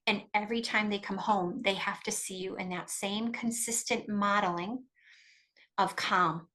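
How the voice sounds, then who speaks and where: A middle-aged woman speaking as an interview guest, pressing her points with emphasis and restarting sentences as she goes. Her voice sits at a mid pitch for a woman, neither high nor low. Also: steady tone, pushed and bright, rough recording. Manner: emphatic, fast-flowing, with restarts. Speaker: guest expert on coparenting. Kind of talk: podcast interview, advice.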